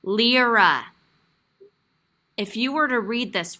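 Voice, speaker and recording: Bright-voiced woman teaching online. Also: mid-range voice, normal speed, soft background music. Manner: warm, encouraging, expressive storytelling voice. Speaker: kindergarten teacher. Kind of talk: online class lesson. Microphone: video call.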